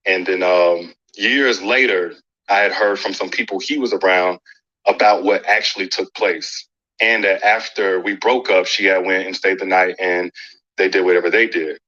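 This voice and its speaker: A man being interviewed, candidly recounting a personal story in a calm, conversational way. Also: deep voice, moderate pace, muffled recording. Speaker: interview guest.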